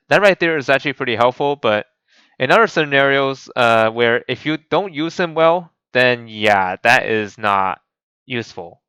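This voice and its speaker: Some guy rambling about a game, lots of restarts, sharp clear voice, dry sound. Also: medium pitch, no echo, rough recording. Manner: rambling, many restarts and fillers. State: voice cracking. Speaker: gaming channel host. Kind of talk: casual game commentary.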